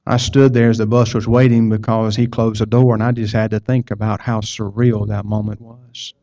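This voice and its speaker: Man, sermon, folksy storytelling, low voice, muffled lo-fi audio. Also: little pitch movement, moderate pace, mellow. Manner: folksy storytelling, repeats words. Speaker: pastor. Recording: dull lo-fi sound.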